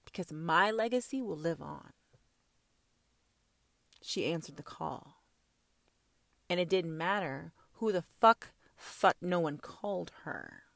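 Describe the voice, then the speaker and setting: A woman delivering a profane, ranting monologue as a self-styled prophetess, swinging from loud outbursts to whispers. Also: lowish voice, expressive, slow pace, gravelly, long pauses, no echo.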